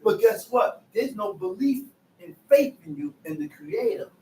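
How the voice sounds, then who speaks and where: A man preaching with fervent, shouted emphasis in a call-and-response sermon. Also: high-pitched, expressive, moderate pace. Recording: echoey room from far off.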